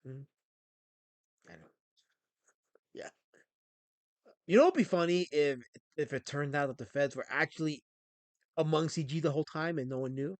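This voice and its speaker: A man's voice: on the high side, lively intonation, normal speed, pauses often, dry recording. A man hosting a livestream, chatting casually and ranting with frequent restarts. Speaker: stream host.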